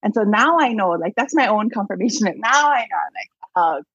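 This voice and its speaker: Husky-voiced woman telling a story. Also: mid-range voice, fast talker, no room sound, highs cut off. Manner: animated storyteller, many "like"s and laughs. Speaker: guest, abundance mindset coach. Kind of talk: casual storytelling interview.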